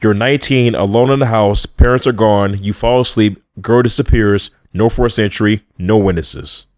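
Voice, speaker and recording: A man doing a flat, suspicious detective. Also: lowish voice, normal speed, no room sound, clean studio sound, natural voice. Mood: accusing. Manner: flat, accusing. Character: blunt, suspicious middle-aged male detective.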